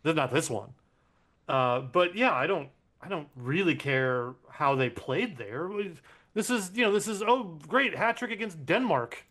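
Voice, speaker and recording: A man's voice: a little high, lively intonation, unhurried, fairly bright tone. A man co-hosting a casual sports podcast, wry and sarcastic, often laughing. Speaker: podcast co-host.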